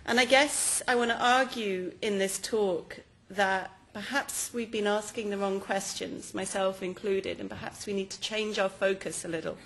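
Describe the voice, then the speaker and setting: A woman from England with an English accent, giving a lively, joking academic lecture in a hall. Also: medium pitch. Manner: fast, lively and jokey with the audience. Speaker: guest lecturer.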